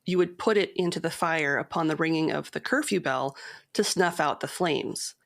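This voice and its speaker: A woman co-hosting a podcast, reading a long poem and source quotes aloud in a measured storytelling cadence, then chatting casually. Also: low voice, creaky. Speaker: podcast co-host.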